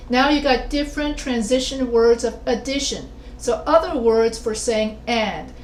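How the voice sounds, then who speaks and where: A woman with a fairly high voice teaches a writing class over a video call. She works through the points step by step and stops to put questions to her students. The sound is roomy and carries a faint hiss. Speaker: writing instructor. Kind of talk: online class lecture. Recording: roomy echo with faint noise.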